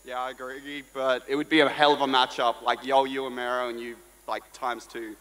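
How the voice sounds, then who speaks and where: A man puts questions to fighters at a press event in a plain, inquisitive tone. His voice sits at a medium pitch, with a long hall echo behind it. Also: little pitch movement, moderate pace, a bit bright. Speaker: reporter.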